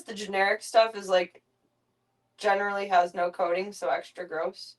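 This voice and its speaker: A woman streamer in casual chat, talking softly and coaxingly to her pet. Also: medium pitch, normal speed. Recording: distant mic.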